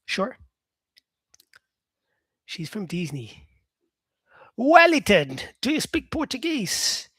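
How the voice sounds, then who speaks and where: On a live-stream lesson, a male English teacher with an accent leaning Australian talks with viewers at an easy pace, peppering his speech with "um" and "yeah" and addressing people as "mate". He has a high, husky voice that's a bit bright, with pitch that swoops wildly, and there's no echo.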